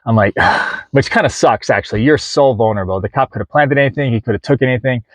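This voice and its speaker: A man's voice: medium pitch, quick pace, no echo. A man in his forties telling a story to camera in a casual vlog from inside his van, rambling with lots of fillers and restarts and acting out the conversations. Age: 40s. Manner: rambling, many fillers and restarts, acts out quoted dialogue. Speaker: vlogger.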